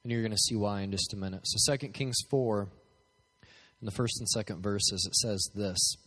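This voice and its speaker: A man's voice: lowish voice, moderate pace, pushed and bright. Man, pastor; joking sermon to a crowd, church hall with long reverb. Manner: joking, asks the crowd questions. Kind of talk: sermon with prayer.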